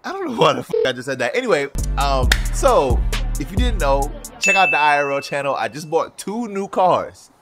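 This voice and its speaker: Hosting a casual gaming vlog from his home racing simulator, a young sim racing YouTuber talks in a hyped, joking and profane way. His voice is a little high and sing-song at a normal speed, with music and game car sounds in the background.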